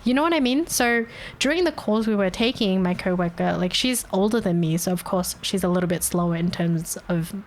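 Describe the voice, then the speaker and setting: A woman's voice: medium pitch, brisk. A young woman streaming live, chatting casually with viewers and venting animatedly, swearing freely.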